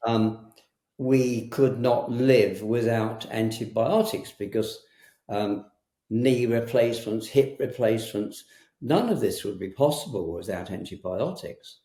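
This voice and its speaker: A man talking as a guest in a conversational interview, hesitant and full of pauses and restarts. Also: medium pitch, dark tone. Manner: hesitant, frequent ums and restarts. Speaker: herbalist guest. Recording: roomy echo.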